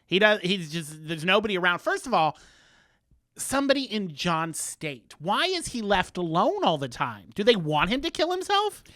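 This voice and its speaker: A man's voice: high-pitched, very animated, normal speed, pushed and bright, no room sound, studio quality. A man co-hosting a casual chat podcast, recapping a show in a chatty, playful way. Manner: chatty, recaps plots with playful quoted voices. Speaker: podcast co-host.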